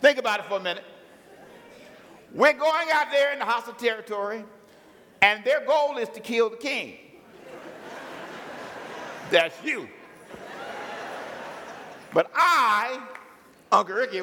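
A man's voice: high voice, normal speed, pauses often. A man preaching a sermon, acting out biblical characters and calling on the congregation to join in. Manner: animated storytelling, acts out biblical characters. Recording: long hall reverb.

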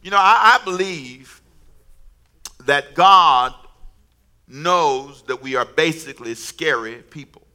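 A middle-aged man preaching a sermon with humor and storytelling, calling on the congregation to repeat lines after him and shouting his emphatic declarations. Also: on the high side, takes it slowly, pauses often. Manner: call-and-response, urging the congregation to repeat lines; storytelling with humor, laughing at his own jokes. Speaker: pastor.

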